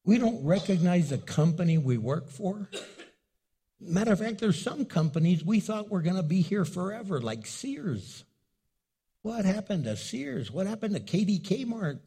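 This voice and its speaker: A middle-aged male pastor preaching in a husky, fairly high voice that swings widely in pitch. He speaks unhurriedly with a warm, mellow tone and acts out quick exchanges with his listeners. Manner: animated, acts out dialogue with the congregation. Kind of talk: sermon.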